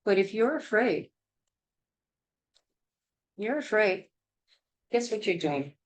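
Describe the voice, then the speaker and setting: A woman's voice: medium pitch, expressive, slow pace, poor audio. A woman teaching a childbirth class in a blunt, emphatic, hard-hitting way. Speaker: childbirth educator.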